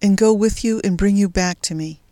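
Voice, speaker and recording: A woman's voice: medium pitch, moderate pace, dark tone, no room sound, clean studio sound, natural voice. A woman reading a frightened young heroine. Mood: anxious. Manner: anxious, pleading.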